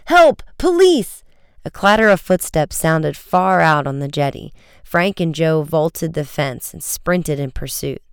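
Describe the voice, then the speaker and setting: Audiobook narrator, silky-clean voice, dry booth sound, lively storytelling. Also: mid-range voice, smooth, no echo. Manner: brisk, vivid storytelling with raised shouts for dialogue.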